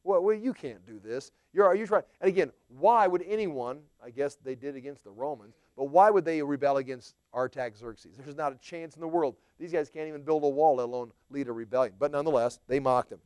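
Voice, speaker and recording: A man's voice: medium pitch, fairly quick, few pauses, a little mellow, clear, resonant tone, no room sound, studio quality. A man teaching a Bible study in a chatty, conversational way, with playful asides to his class.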